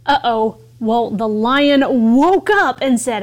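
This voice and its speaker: A woman co-hosting an English lesson, high-voiced and unhurried. She reads a story aloud and explains each new word in simple terms.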